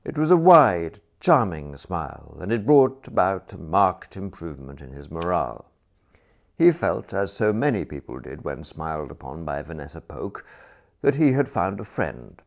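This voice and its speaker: A man's voice: sits low, big pitch swings, moderate pace, vocal fry. A man reading a comic novel aloud as narrator, telling it dryly and expressively. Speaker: audiobook narrator.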